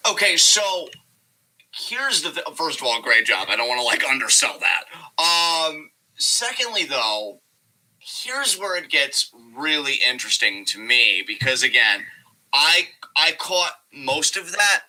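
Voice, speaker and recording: Male co-host, casual chat, loose and filler-heavy, bright tone. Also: on the high side, measured pace, poor audio. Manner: relaxed, chatty, lots of fillers. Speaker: podcast co-host.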